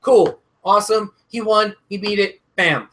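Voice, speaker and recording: Ranting high-voiced man. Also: unhurried. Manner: animated, ranting, swears a lot. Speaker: podcast co-host. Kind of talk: casual wrestling chat.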